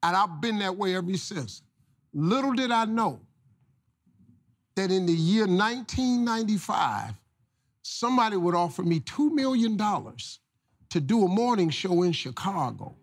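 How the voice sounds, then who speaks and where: A man's voice: high-pitched, big pitch swings, normal speed. A middle-aged man telling a folksy, preachy motivational story. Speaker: guest storyteller.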